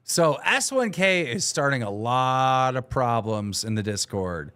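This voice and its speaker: A man at a medium pitch hosts a stream and recaps online drama at an unhurried, drawn-out pace. His delivery is offhand and casual, with frequent swearing. He sounds relaxed rather than worked up. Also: clear, resonant tone. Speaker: stream host.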